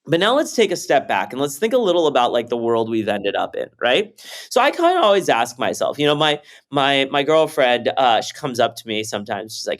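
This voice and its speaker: A man's voice: on the high side, fairly quick. A man, a startup founder, explaining at length in a casual podcast chat, acting out quotes and swearing freely. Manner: animated storytelling, acts out quotes, swears freely.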